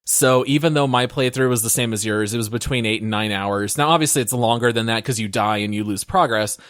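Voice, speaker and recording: Man, podcast co-host, casual chat, earnest and wry, medium pitch, dry close-miked sound. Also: a little fast, fairly bright tone, no room sound.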